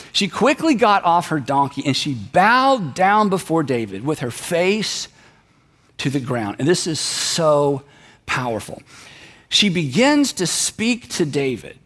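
Guy preaching, retelling a story super animated, voice kinda high and bouncing all over. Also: slow. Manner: animated, conversational, acts out the characters. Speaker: pastor. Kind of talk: sermon storytelling.

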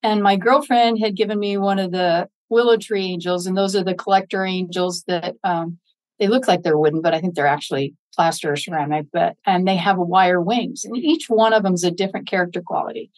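A woman speaks earnestly about faith and loss in an interview setting. Her voice sits in a middle range and is recorded close and dry. She brightens and lifts her pitch when she acts out what others said. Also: steady tone, brisk, no room sound, rough recording. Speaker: podcast guest, Gold Star mother. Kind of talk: interview storytelling.

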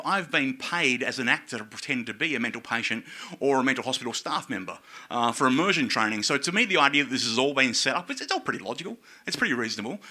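A man's voice: mid-range voice, pushed and bright. A man telling a personal story in a casual, profane, self-mocking way.

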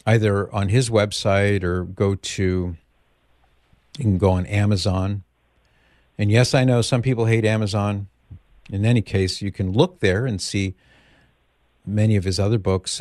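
Low-voiced male radio host, dry studio sound. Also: darkish tone, dry recording. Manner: probing, earnest, patient. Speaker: radio talk show host. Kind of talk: call-in radio advice.

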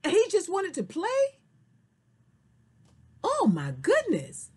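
A woman telling a story to children, slow and very expressive, then talking to her young viewers. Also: very high voice. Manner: slow, sing-song and very expressive.

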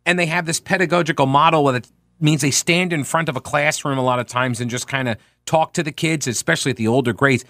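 A man's voice: a little high, quick pace, a bit bright, no room sound, clean studio sound. A man hosting an opinionated political commentary show, reading documents aloud and breaking off into sarcastic, incredulous asides. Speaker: talk show host.

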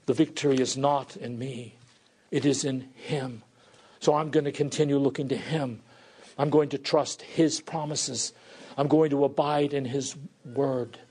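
A middle-aged pastor preaching a sermon in an earnest, pleading way. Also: male voice, medium pitch, steady tone, measured pace, a little mellow, slightly rough. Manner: earnest, pleading, voices prayers and God's replies.

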